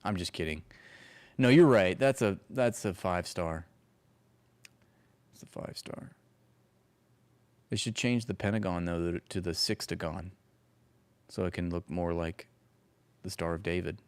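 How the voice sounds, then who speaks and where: A man's voice: low voice, steady tone, moderate pace, smooth. A man co-hosting profane, sarcastic political commentary, mocking what he watches. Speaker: co-host.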